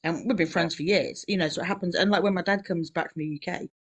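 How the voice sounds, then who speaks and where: A woman's voice: fairly low pitch, fairly even intonation. Chatty New woman telling a story. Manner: rambling, chatty storytelling with many fillers; quick laughs between remarks. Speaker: podcast co-host. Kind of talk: casual conversation.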